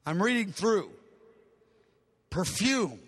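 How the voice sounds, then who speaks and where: Slow and very animated, an older male pastor preaches in a high-pitched, fairly bright voice. He retells a story with emotion and dramatic flair, acting out the dialogue, and the large hall's long reverb echoes around him.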